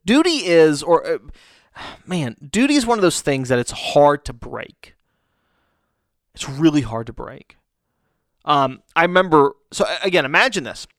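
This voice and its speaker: Male pastor, slightly high voice, casual halting delivery, dry recording. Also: big pitch swings, fairly bright tone, no echo. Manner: halting, frequent restarts, rhetorical "right?". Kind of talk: conversational sermon.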